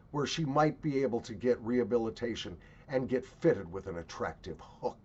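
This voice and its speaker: A man's voice: medium pitch, animated, moderate pace, darkish tone, husky, lo-fi sound. A man from the United States giving blunt, sarcastic travel commentary with swearing. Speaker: travel vlogger.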